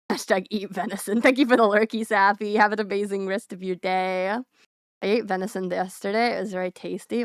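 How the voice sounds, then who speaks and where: A woman's voice: mid-range voice, clear, resonant tone, no room sound, clean studio sound. A young woman VTuber streamer chatting casually and bubbly with her viewers, giggling often. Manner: bubbly, giggly, talks straight to chat. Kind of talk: casual live-stream chat.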